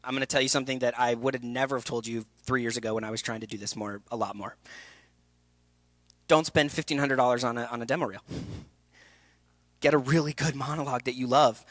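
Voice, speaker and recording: A man in his thirties giving an energetic acting workshop talk, jumping into quick voices and asides as he goes. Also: mid-range voice, no echo. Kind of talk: conference talk.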